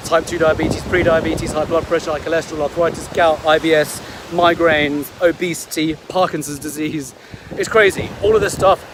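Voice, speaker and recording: A man, a health coach chatting upbeat in a casual vlog story, often restarting his sentences. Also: a little high. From England. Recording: wind and ocean noise behind.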